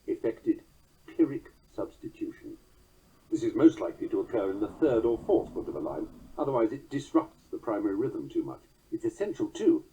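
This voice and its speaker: A man giving a scripted lecture on verse meter, measured and slowing down whenever he recites a quoted line. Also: mid-range voice, mellow, husky. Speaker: teacher explaining verse meter. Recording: narrow, phone-like sound.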